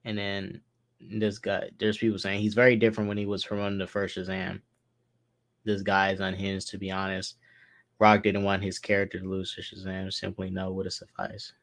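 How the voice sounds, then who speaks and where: A man's voice: sits low, completely flat delivery, moderate pace, gravelly, a bit bright, dry recording. A young man hosting a reaction video, talking bluntly and swearing between muttered asides. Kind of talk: casual reaction commentary.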